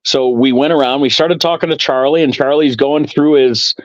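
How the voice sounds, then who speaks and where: A man's voice: mid-range voice, moderate pace, highs cut off. A man, guest co-creator of a comic, telling anecdotes in a casual interview and acting out the dialogue. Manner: animated storyteller, acts out quoted dialogue.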